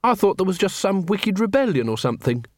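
A man's voice: high voice, very animated, fast talker, no echo, clean studio sound, voice pushed up. A man voicing an eager, naive young male watch corporal in an audiobook. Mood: cheerful.

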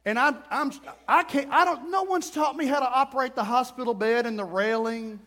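A middle-aged man preaching a sermon, telling a story with lively, acted-out quotes and sudden outbursts. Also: very high-pitched, a little fast. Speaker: pastor.

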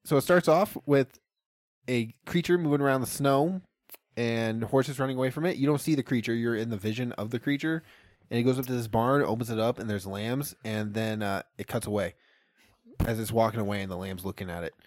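A young man in casual chat, retelling a film plot in an animated, profane way. He laughs often and acts out the characters' lines. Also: medium pitch, brisk, no room sound, studio quality. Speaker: podcast co-host.

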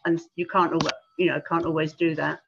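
An older woman, a retired pastoral carer, speaking gently and hesitantly with frequent ums and restarts. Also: deep voice, little pitch movement, moderate pace, vocal fry, noisy background. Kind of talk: casual conversation. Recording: dull lo-fi call audio.

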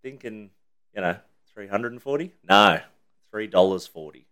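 A man's voice: on the low side, animated, moderate pace, a bit bright. Laid-back Australian man telling stories. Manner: laid-back, swears, acts out quoted lines. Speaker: podcast co-host. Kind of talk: casual chat, storytelling.

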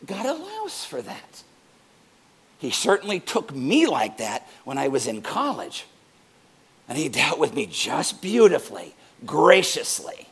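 A man's voice: sits high, very animated, takes it slowly, long pauses, a bit bright, husky. A middle-aged man preaching a sermon as pastor, playful and joking between points.

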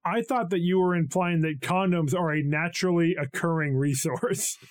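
A man's voice: on the high side, moderate pace. A man co-hosting a podcast in casual chat, with dry, sarcastic humor. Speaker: podcast co-host.

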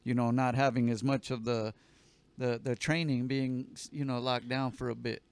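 A man's voice: mid-range voice, flat delivery, normal speed, darkish tone, clear, resonant tone, no room sound. A man hosting a podcast, asking long rambling questions in a laid-back, profane way. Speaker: podcast host. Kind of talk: casual podcast interview.

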